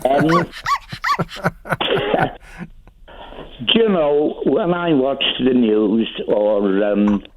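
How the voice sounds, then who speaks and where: A man calling in to a radio show, talking slowly and opinionatedly with many ums. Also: mid-range voice, animated, background noise. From Wales. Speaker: caller. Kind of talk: phone-in chat. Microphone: telephone. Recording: phone line.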